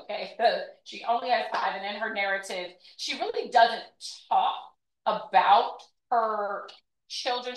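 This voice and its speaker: A woman's voice: a little high, a bit bright. A woman giving a conversational history talk as a presenter, chatty and often checking in with "right?". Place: event room. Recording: echoey room, mic far off.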